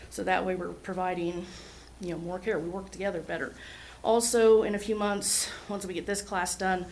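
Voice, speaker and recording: A woman's voice: lowish voice, a little hiss or hum, rough recording. Earnest woman addressing commissioners. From Oklahoma. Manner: earnest, heartfelt, a little nervous. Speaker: EMS administrator. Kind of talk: public remarks at a city meeting. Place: city hall meeting room.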